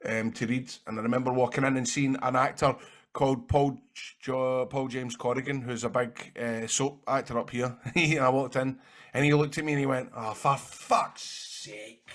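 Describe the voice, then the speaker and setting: Man, Scottish accent, mid-pitched voice, rambling anecdotes, animated, swears casually. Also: a little fast. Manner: animated, rambling, swears freely, acts out quotes. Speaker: interview guest, actor and wrestler.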